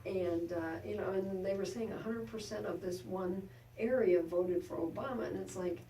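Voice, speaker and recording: A woman's voice: medium pitch, normal speed, dark tone. A female radio co-host chatting casually about politics, laughing easily and using many fillers. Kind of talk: casual political talk chat. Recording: echoey room, distant mic, faint hum.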